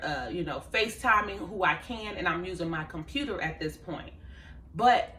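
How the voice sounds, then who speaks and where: A woman's voice: fairly low pitch, sharp tone, roomy sound, a little hiss or hum. A woman vlogging, casually telling a story to camera with laughs and quoted asides. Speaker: life coach and vlogger.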